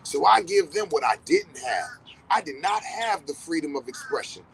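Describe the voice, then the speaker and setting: This podcast host is a middle-aged man with a fairly high, gravelly voice at a normal speed, heard over background noise. Talking casually, he swears freely, speaks bluntly, and repeats himself to hammer each point. His monologue unfolds as lively storytelling with quoted lines of dialogue.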